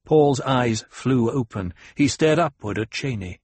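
A man giving a measured, even scripted audiobook narration on a close mic. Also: medium pitch, husky, no echo.

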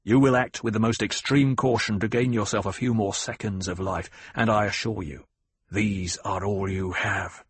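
A man voicing a gruff, vengeful male soldier who snarls threats, with a husky voice. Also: lowish voice, fairly even intonation, normal speed, no echo. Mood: menacing. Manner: snarling, menacing.

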